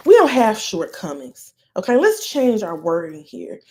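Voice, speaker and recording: A woman's voice: medium pitch, huge pitch swings, measured pace, hardly any pauses, a little mellow. An American woman hosting a podcast, delivering a heated, profane solo rant with blunt emphasis. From United States. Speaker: podcast host.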